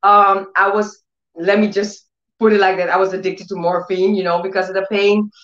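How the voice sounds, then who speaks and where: A woman giving an emotional sermon testimony. Her speech grows more intense as she moves into near-shouting proclamations. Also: medium pitch, little pitch movement, normal speed. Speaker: testimony speaker. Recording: echoey room, dull lo-fi sound.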